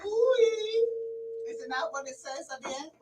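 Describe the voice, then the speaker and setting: A woman from London hosting a live stream show, bubbly and quick to laugh, spelling names out for viewers. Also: sits high, flat delivery, fairly bright tone, distant mic. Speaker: show host. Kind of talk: lively live-stream chat. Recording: echoey room, from off mic, crowd behind.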